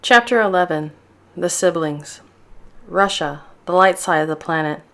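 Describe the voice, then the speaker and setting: A woman with a low voice narrating her own novel. She reads at a steady, measured pace, clear and even. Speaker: author reading her novel. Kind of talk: audiobook narration.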